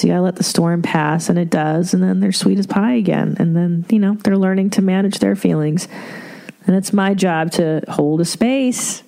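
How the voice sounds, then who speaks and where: A warm-toned, mid-range female voice belongs to a middle-aged woman offering advice on her podcast. The monologue is casual, candid and profane, sprinkled with laughs and rhetorical asides.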